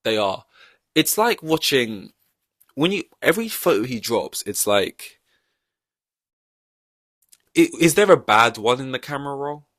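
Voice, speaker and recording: A man's voice: mid-range voice, sing-song, measured pace, long pauses, fairly bright tone, dry recording. A young man hosting a podcast in casual chat, rambling through long-winded analogies and poking fun at himself. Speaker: podcast host.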